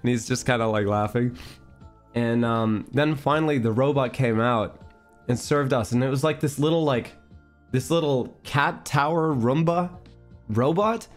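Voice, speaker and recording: A man's voice: medium pitch, unhurried, soft background music. A man streamer telling a story in a casual chat stream. He rambles, fills his talk with fillers, and giggles often.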